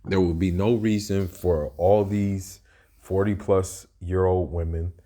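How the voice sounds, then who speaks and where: A man's voice: deep voice, fairly even intonation, slow, warm tone. A man reacting to a played video in casual, rambling commentary, often restarting and asking "you know what I mean".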